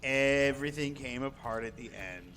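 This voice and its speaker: Bright-voiced man telling a story. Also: medium pitch, normal speed. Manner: chatty, swears freely, acts out quoted lines. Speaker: live streamer. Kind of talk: casual storytelling. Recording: long reverb, faint background noise.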